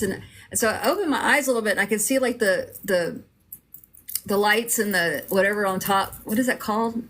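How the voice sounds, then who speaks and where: A woman's voice: mid-range voice, a little fast, a bit bright. A middle-aged woman telling her own story in a casual, rambling way, with lots of fillers and restarts.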